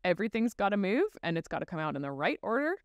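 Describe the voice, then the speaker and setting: A woman's voice: mid-range voice, very animated, racing, no room sound, studio quality. A woman who is a guest expert on child speech, explaining step by step in a podcast interview and acting out examples as she goes.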